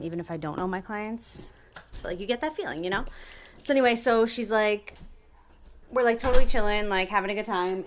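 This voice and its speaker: A woman's voice: medium pitch, a bit bright, a little hiss or hum. A young woman, a hairstylist, casually telling a story to camera with lots of "like" fillers. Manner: chatty, heavy use of "like" fillers. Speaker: hairstylist vlogger.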